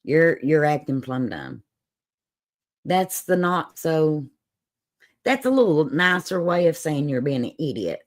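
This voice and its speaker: A woman's voice: low-pitched, sing-song, measured pace, long pauses. A woman with an Appalachian Southern accent hosting a livestream, chatting in a folksy, sassy way and laughing often. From Southern United States, Appalachian holler. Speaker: livestream host. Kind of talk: casual chat on a livestream.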